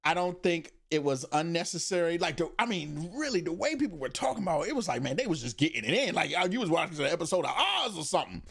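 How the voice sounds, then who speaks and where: A man's voice: fairly high pitch, fast, creaky, hardly any pauses, breathy edge. A man hosting a podcast, chatting casually and animatedly about shows and movies, often laughing. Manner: animated, laughing, slangy storytelling. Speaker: podcast host. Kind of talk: casual chat.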